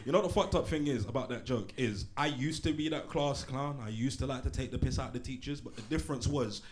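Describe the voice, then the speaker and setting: A man, performing a brash, profane, animated stand-up set in a small venue. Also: medium pitch, quick pace, a little hiss or hum. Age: late 20s. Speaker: stand-up comedian. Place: small comedy pub venue, live audience. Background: audience laughter.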